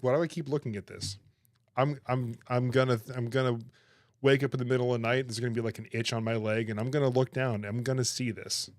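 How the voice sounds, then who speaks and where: A man chatting on his livestream, animated and laughing, protesting in exaggerated disbelief. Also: mid-range voice, dry recording, clean studio sound. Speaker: streamer reacting to chat. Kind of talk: casual livestream chat.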